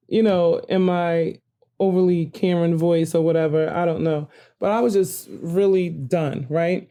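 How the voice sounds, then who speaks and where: Older host, mellow voice, rambling and animated. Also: female voice, on the low side, measured pace. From New Jersey. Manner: rambling, animated, self-correcting. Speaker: podcast host. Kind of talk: casual storytelling monologue.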